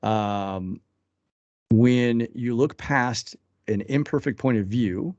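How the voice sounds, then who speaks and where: A man's voice: mid-range voice, slow, a little mellow, no room sound. A man in his thirties co-hosting a casual talk show, reading items from a list and adding joking asides. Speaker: podcast co-host. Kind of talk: casual chat. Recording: dull lo-fi, dry sound.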